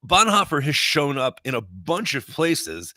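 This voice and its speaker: A man's voice: on the high side, sing-song, a little slow, bright, forceful tone, no room sound, clean studio sound. A man chatting casually on a podcast, playful and easygoing. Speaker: podcast guest. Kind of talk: casual chat.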